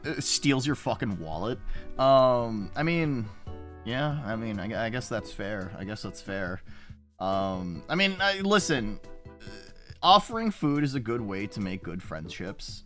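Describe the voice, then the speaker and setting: A man's voice: lowish voice, very animated, normal speed, fairly bright tone, faint music behind. A man streaming and chatting casually with viewers, rambling with frequent restarts and plenty of swearing. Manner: rambling, profane, self-interrupting.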